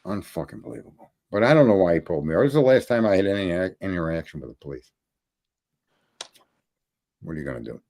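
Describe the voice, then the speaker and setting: A man with a lowish voice spins rambling, profanity-laced stories on a casual podcast. He talks loosely and restarts often, and his pitch shoots up when something outrages him. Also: expressive, fast talker, vocal fry, long pauses, darkish tone. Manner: profane, rambling, climbs into high indignant pitch. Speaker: podcast host. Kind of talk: casual storytelling chat.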